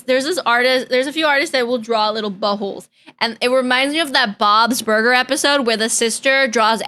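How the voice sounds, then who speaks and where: A young woman streaming, reacting to videos and chatting with her viewers in a joking, deadpan way. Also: high voice. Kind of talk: casual live-stream reaction chat.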